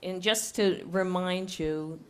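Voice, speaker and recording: Hoarse low-voiced woman with a cold. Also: slow pace, a little hiss or hum. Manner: methodical, explains step by step. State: hoarse from a cold, voice nearly gone. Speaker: resident presenting a proposed bylaw. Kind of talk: formal presentation at a public hearing. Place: town meeting room. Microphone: speaks close into a table microphone.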